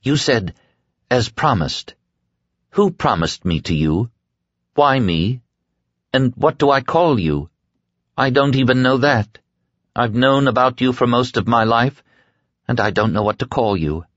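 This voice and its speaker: A man's voice: medium pitch, animated, measured pace, long pauses, dry recording, pitched above the performer's own voice. A frightened young woman, as a male narrator puts her on, her voice lifted and strained as she pleads. The reading is an audiobook, caught in a dull, dry sound with no room around it.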